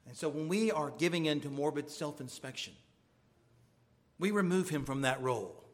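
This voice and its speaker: A man's voice: fairly high pitch, animated, normal speed. A male pastor preaching a sermon with earnest emphasis, his voice rising on pointed questions.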